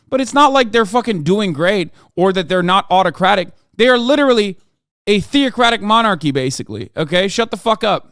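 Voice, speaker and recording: Brief: man in his thirties, streamer arguing with chat, fast profane rants, high clear voice, dry close sound. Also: no echo. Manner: profane, ranting at chat, swings to yelling. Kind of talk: live stream reaction and chat rant.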